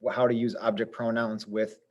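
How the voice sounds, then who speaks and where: A man's voice: lowish voice, level tone, moderate pace. A man teaching a Spanish lesson step by step, patient and methodical, thinking aloud as he writes out examples.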